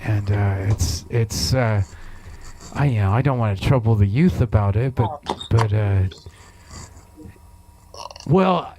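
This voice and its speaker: A man hosting a comedy variety show, musing in a halting, mock-solemn way. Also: fairly low pitch, background noise. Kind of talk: deadpan comic hosting.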